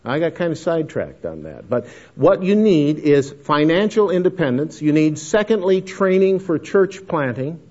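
A man's voice: fairly high pitch, big pitch swings, normal speed, few pauses, a little mellow. A man giving a missions lecture with anecdotes, folksy and emphatic, calling his listeners folks. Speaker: missions speaker. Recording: dull lo-fi lecture recording.

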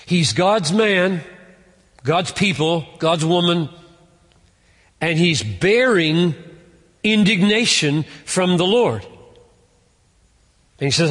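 Man preaching verse by verse, unhurried, earnest, rising to emphatic peaks, in a reverberant hall. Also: sits high, lively intonation, a bit bright. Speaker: pastor. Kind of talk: expository sermon.

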